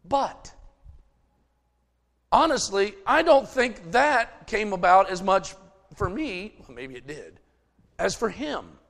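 Middle-aged guy preaching, high voice that swings all over, folksy stories, big reverb hall. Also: very animated, takes it slowly, gravelly, pauses often, fairly bright tone. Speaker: pastor. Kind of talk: sermon.

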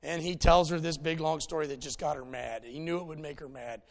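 A man's voice: a little high, fairly even intonation, a little fast. A man preaching a conversational sermon in a folksy, plainspoken way, telling stories to make his points.

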